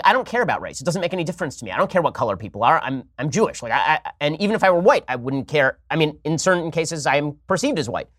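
Fast-talking, argumentative male commentator. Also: on the high side, a bit bright, no room sound, clean studio sound. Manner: rapid-fire, argumentative, sarcastic. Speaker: political talk show host. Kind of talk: political commentary monologue.

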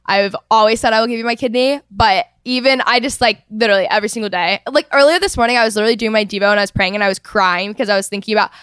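Effusive young woman host, smooth voice. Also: medium pitch, very fast, few pauses, fairly bright tone, no room sound, clean studio sound. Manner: gushing, effusive, many "like" fillers. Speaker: podcast host. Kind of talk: casual chat.

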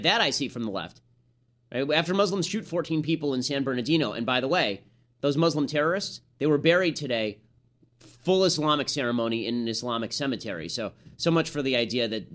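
A man talks at a rapid clip, firing off sarcastic, combative political commentary as a podcast host. His voice sits at an ordinary middle pitch and he barely pauses between points. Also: fairly bright tone.

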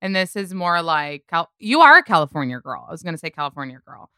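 A woman's voice: lowish voice, very animated, fast talker, pushed and bright, smooth, no echo, studio quality. A young woman hosting a podcast, chatting in a gossipy way with many "like"s. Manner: gossipy, uses "like" a lot. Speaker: podcast host. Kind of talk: casual interview chat.

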